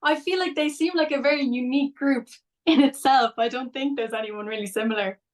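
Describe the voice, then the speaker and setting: A woman's voice: high voice, fairly quick. A woman, an actress guest, chatting in an interview, a little hesitant with fillers. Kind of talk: casual interview chat.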